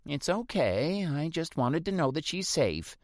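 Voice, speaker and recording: A male narrator voicing a worried woman neighbor who pleads softly in an audiobook. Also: a little high, very animated, measured pace, no room sound, clean studio sound, voice pushed up. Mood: relieved. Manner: anxious, pleading. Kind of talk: audiobook character voice.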